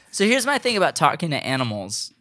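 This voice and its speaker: Laughing, bright-voiced podcast host man. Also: fairly high pitch, wildly swooping pitch, a little fast. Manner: laughs often, restarts sentences. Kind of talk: casual chat.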